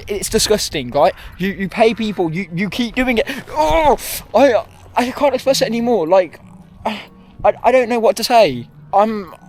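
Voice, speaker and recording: With a high-pitched, darkish voice, a young man rambles and rants through walking vlog commentary at an outdoor theme park, filmed on a handheld camera and frequently correcting himself.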